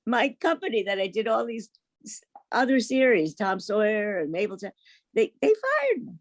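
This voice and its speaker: A woman's voice: medium pitch, normal speed, no room sound. An older woman from Brooklyn with a New York accent, chatting as a guest and telling stories with acted-out quotes. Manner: animated storyteller, acts out quoted voices. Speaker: voice actress guest. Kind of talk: casual interview chat.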